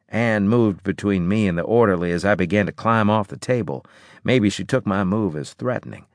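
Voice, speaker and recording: Man, audiobook narration, first-person, lowish voice, dry close recording. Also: normal speed, no room sound.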